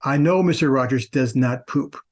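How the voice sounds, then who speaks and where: A man's voice: medium pitch, moderate pace, lightly acted. A man voicing an earnest, stubborn little boy in an anecdote, matter-of-fact in manner.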